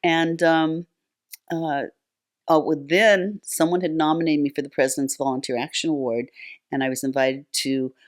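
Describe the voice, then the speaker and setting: A woman's voice: sits low, steady tone, normal speed. An older woman, a guest on a talk show, telling long stories in a chatty way with many fillers and restarts. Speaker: guest, nonprofit founder. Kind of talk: conversational storytelling.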